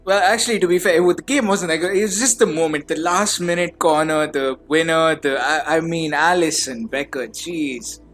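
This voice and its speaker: A man hosting a casual fan podcast, gushing and stammering, his voice trembling with excitement. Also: a little high, moderate pace, hardly any pauses, soft background music. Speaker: podcast host.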